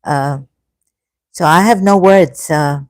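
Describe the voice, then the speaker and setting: A woman in her fifties hosting a casual livestream, halting and hesitant, full of restarts and effusive thanks. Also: low voice, no room sound. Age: 50s. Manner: emotional, effusively grateful. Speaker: livestream host. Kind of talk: casual livestream chat reading comments.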